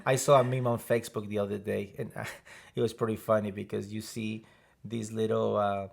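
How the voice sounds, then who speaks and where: A man from Mexico, co-hosting a casual faith podcast and talking haltingly with many restarts. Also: fairly low pitch, flat delivery, creaky. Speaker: podcast co-host, missionary.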